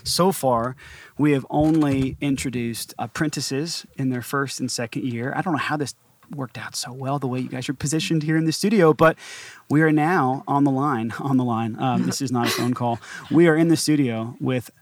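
A man's voice: medium pitch, moderate pace. A man hosting a podcast in a studio, chatting playfully and laughing often with a group of guests. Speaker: podcast host. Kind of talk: casual chat.

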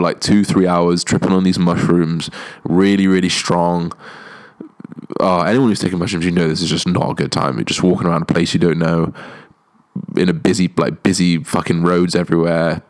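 A young man telling a candid, sweary story in a casual, laid-back way. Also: low-pitched.

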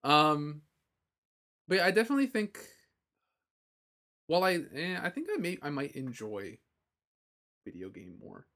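A young man co-hosting a casual podcast, excitable and swearing often as he riffs. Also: on the high side, measured pace, pauses often. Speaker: podcast co-host. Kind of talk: casual chat.

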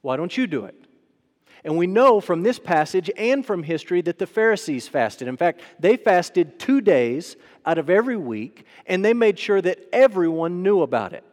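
A man's voice: high-pitched, very animated, moderate pace, few pauses, darkish tone. A man with a slightly raised voice preaches a sermon. He talks to the crowd like a conversation, tossing out rhetorical questions. A long hall echo trails behind every phrase. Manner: acts out quoted voices. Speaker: pastor.

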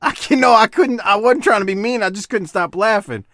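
A man's voice: high-pitched, a little fast, fairly bright tone, no room sound, clean studio sound. A man hosting a casual chat over wrestling footage, breaking into laughing fits, swearing and apologizing. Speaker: podcast host.

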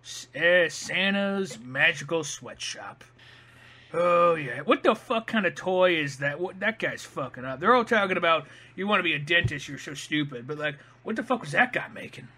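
Casual man, bright and high-pitched, profane jokey commentary. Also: lively intonation, normal speed. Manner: profane, joking riffs.

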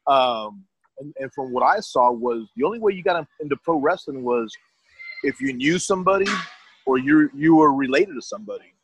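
Rambling man with a husky voice. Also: mid-range voice, lively intonation, brisk, dry recording, poor audio. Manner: rambling, restarts, quotes others. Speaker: guest telling his story. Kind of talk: casual storytelling.

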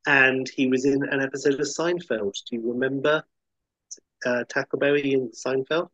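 A man's voice: medium pitch, steady tone, normal speed, a bit bright, no room sound. A man chatting enthusiastically about films, rambling and acting out quotes. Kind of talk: casual chat about films. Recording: dull lo-fi sound.

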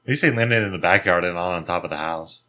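A man's voice: sits low, fast talker, pushed and bright. A man in casual banter, dropping in short joking asides.

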